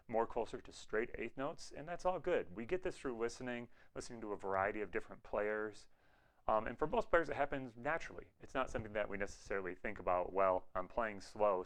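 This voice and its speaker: Low-voiced man teaching a jazz lesson. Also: low-quality recording. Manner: clear, patient explaining, scat-sings rhythm syllables. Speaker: music teacher.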